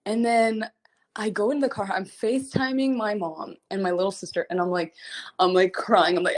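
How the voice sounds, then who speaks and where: A woman's voice: mid-range voice, moderate pace. Chatty young woman telling a story. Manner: chatty and animated, fills with "like" constantly, laughs between phrases. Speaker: singer chatting with fans. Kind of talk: casual storytelling on a livestream.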